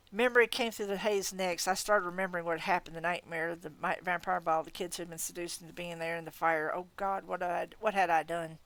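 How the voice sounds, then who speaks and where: A woman reading a novel aloud in an expressive, casual manner. Her voice is getting tired. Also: on the low side, quick pace, hardly any pauses. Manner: expressive reading, breaking off to laugh and comment. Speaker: audiobook reader.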